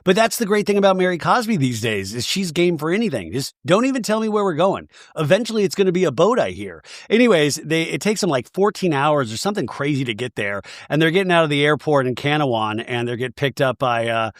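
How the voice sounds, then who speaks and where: A man hosting a podcast, recapping a reality show in a jokey, animated way and slipping into quick mock voices. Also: a little high, no room sound, studio quality. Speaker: podcast host.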